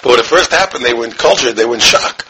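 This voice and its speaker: A man from the United States, a rabbi teaching a Torah class, emphatic and repetitive, dropping from loud emphasis to hushed tones. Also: mid-range voice, lively intonation, fast, slight background noise, rough recording. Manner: emphatic, repeats phrases, swings between loud and hushed. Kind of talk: impassioned Torah lesson.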